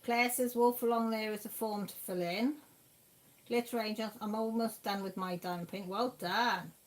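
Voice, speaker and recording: A woman's voice: medium pitch, steady tone, normal speed. A woman hosting a craft livestream, chatting casually as she reads out viewer messages and answers them. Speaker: livestream host. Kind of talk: casual chat reading viewer comments.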